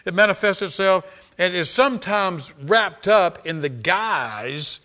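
A pastor preaching with a bright, forceful voice that sits a little high for a man. He hammers his points through repetition and calls out for amens. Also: lively intonation, slow. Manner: emphatic preaching, repeating phrases, calling for amens. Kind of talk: sermon.

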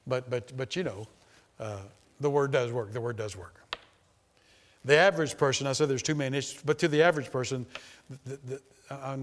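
Emphatic male preacher in an echoing hall. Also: medium pitch. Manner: emphatic, repetitive, shifts between loud and hushed. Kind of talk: sermon.

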